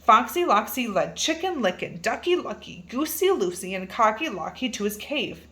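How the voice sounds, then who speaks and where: A woman reading a children's picture book aloud in a playful, animated way, stretching words for emphasis. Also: fairly high pitch, moderate pace. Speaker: reader.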